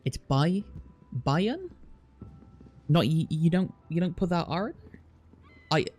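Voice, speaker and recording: Slow and expressive, this man's fairly high voice is a little mellow and slightly rough. He has a southern English accent from Southwest England and casually chats with stream viewers, thinking aloud with lots of fillers.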